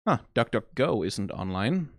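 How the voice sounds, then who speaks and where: A man reacting to game character designs in casual, rambling commentary, full of fillers, restarts and sudden excited jumps. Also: measured pace, no echo, studio quality. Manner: rambling, frequent fillers and self-corrections; animated, pitch jumps when excited.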